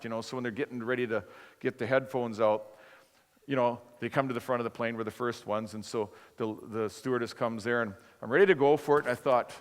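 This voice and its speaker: A man preaching a sermon as a lively, conversational story, acting out both sides of a dialogue. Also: medium pitch, fast talker. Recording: long hall reverb.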